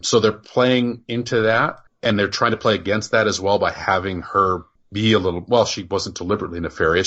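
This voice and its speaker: A man with a very low voice and a bright, forceful edge co-hosts a podcast review. He rambles and restarts often as he explains plot points. The sound is a little dull and lo-fi. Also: slightly rough. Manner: rambling, many restarts, explains plots at length. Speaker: podcast co-host. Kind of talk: casual review chat.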